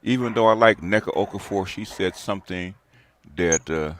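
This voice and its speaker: Deep-voiced emphatic man. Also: moderate pace, a little hiss or hum. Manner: emphatic, repeats his words while thinking. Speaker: panel guest. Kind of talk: casual panel discussion.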